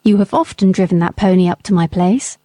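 A woman reading as a stern, principled gentleman squire. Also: fairly low pitch, no echo, natural voice. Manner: stern, measured rebuke. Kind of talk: audiobook character reading.

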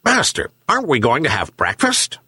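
Man doing a loyal storybook dog, earnest, yelping, husky, dry sound. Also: on the high side, wildly swooping pitch, normal speed, pushed and bright, no room sound, voice pushed up, full character voice. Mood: eager. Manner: earnest, warning. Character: loyal worried male dog.

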